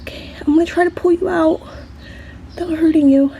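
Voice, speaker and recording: A woman's voice: extremely high pitch, fairly even intonation, brisk, creaky, dark tone, slight background noise. A woman vlogging outdoors on a handheld phone, flustered and shaky, breathing heavily and slipping in and out of whispers. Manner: flustered, repeats herself, drops into whispers. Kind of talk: casual vlog filmed on the spot. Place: outdoors by a tree below an apartment. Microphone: handheld camera phone.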